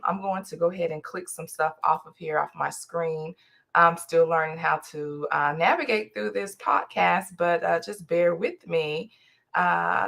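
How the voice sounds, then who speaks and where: A woman's voice: lowish voice, vocal fry, fairly bright tone. A woman hosting a casual solo podcast, telling a family story and acting out both sides of the conversation. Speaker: podcast host.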